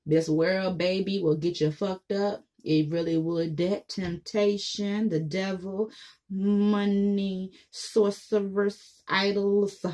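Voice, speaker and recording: A woman's voice: mid-range voice, level tone, takes it slowly, darkish tone. A woman vlogger giving a blunt, profane monologue to camera, mocking the people she talks about.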